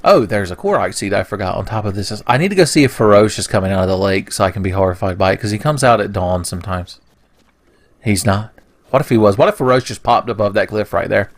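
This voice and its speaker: A man's voice: lowish voice, fast. A young man doing casual let's play commentary, rambling into goofy, profane rants. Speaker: gaming commentator.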